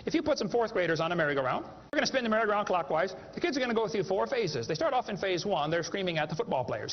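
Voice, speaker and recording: A man's voice: high-pitched, big pitch swings, fast talker, few pauses. A man giving a humorous lecture to a live audience, a folksy, joking storyteller. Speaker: creationist speaker. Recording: echoey hall, dull lo-fi sound.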